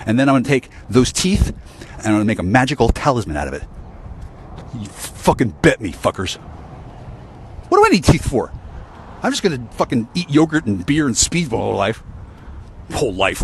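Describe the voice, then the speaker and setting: A man's voice: medium pitch, very animated, fairly quick, a little hiss or hum. Profane rambling man ranting outdoors. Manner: profane, rambling, with stammered restarts and sighs. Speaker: vlogger. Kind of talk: angry rambling monologue to camera.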